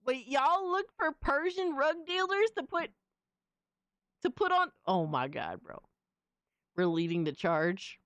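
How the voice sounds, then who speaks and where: A woman's voice: high voice, sing-song, measured pace, pauses often, a bit bright, dry recording. Slangy young woman streamer. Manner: slangy, laughing, exclamatory. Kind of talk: casual live-stream reaction.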